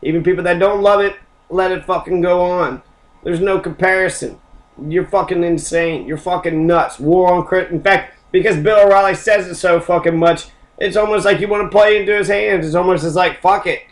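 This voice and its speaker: A man's voice: high-pitched, fairly even intonation, moderate pace, poor audio. A man ranting in a profane, mocking, combative monologue as a podcast host. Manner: heavy swearing, mocking and combative.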